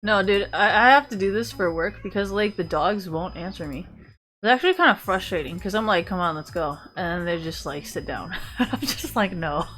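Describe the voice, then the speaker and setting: A woman's voice: medium pitch, animated, moderate pace, a bit bright. A young woman streamer chatting casually, ranting with frequent swearing and lots of filler words. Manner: profane, exasperated ranting with repeated fillers. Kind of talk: casual chat while browsing online.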